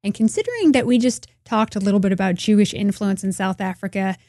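A woman's voice: mid-range voice, expressive, fast, mellow, dry recording, studio quality. A woman hosting an interview, agreeing readily with short affirmations. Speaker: podcast host. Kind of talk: interview conversation.

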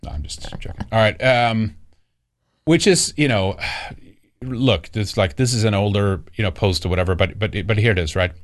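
A man's voice: on the low side, moderate pace. A man hosting a casual commentary show, rambling and often mocking. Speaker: host.

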